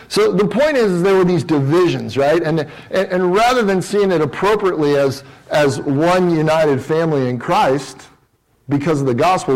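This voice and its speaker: A male pastor preaching a sermon in a relaxed, talky way. His voice sits a little high for a man, and he often stumbles over and repeats words as he works through a point. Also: rough recording. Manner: conversational preaching with frequent restarts.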